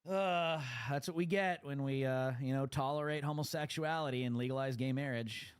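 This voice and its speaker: A male live streamer heckles the clips he plays, his commentary mocking and insulting. His voice sits at an ordinary middle pitch. It is recorded dry and close, with no room sound. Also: normal speed, clean tone, no echo.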